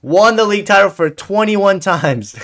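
A man giving excited commentary over his own soccer video game match, cheering, swearing and shouting at teammates. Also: sits high, a little slow. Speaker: gaming video creator.

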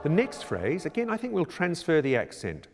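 A man working as a choir director, calmly explaining how to prepare a choral score in a measured, instructional way. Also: fairly high pitch, over music. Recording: reverberant room with long echo.

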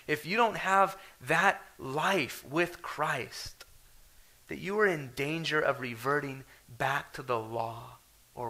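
A man's voice: medium pitch, pushed and bright, poor audio. A man pastor preaching a sermon in an earnest way, building to urgent questions.

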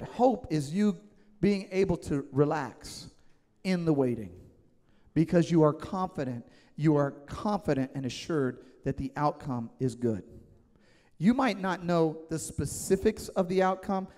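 A man's voice: a little high, warm tone. A man in his thirties preaching a sermon as pastor, emphatic and conversational, often checking in with the congregation. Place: church sanctuary. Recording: long church hall reverb.

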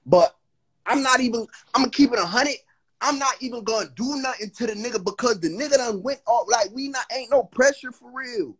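A young man on a livestream phone call, telling a heated story. He is agitated and profane and keeps stumbling into restarts. His voice sits high and sounds husky. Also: fairly quick, a bit bright. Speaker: guest on a livestream. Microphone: phone on a live video call.

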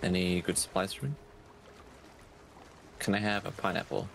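A man's voice: sits low, level tone, moderate pace, gravelly, heavy background noise. A young man chatting casually while playing an online pirate game, planning moves aloud with lots of fillers. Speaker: gaming host. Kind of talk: casual gameplay chat.

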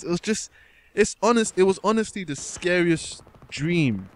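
A man's voice: high voice, expressive, moderate pace. A young man commentating over gameplay, telling a story in a casual, rambling way with many restarts, often calling his viewers guys and man. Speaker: gaming commentator.

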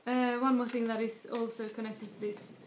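A woman from Sweden, giving a casual video language lesson and explaining slowly with frequent restarts and spoken examples. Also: a little high, flat delivery. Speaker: language tutor. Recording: echoey room with faint noise.

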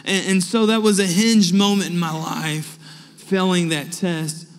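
A young adult man preaching a sermon, telling personal stories and acting out the dialogue with lively energy. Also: sits high, measured pace. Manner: animated anecdotes with acted-out dialogue. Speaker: pastor. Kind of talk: storytelling sermon. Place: church sanctuary. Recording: long hall reverb.

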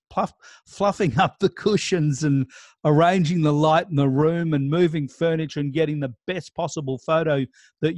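A man's voice: on the high side, darkish tone, dry recording. A man giving a casual real estate sales lesson, talking through client scripts with many restarts. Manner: conversational, role-plays client scripts, frequent restarts. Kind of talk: casual training talk.

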